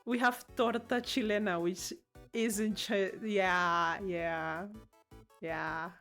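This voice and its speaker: A Latin American woman whose first language is Spanish streams casually and playfully, reading chat aloud and giggling often. Her mid-range voice is fairly bright and fairly even in intonation, and she speaks slowly over soft background music.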